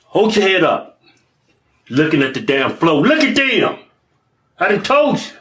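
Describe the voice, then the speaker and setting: A man with a Southern American accent co-hosting a comedic show, teasing and profane with loud outbursts. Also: high-pitched, sing-song, a little slow. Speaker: co-host. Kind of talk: comedic banter.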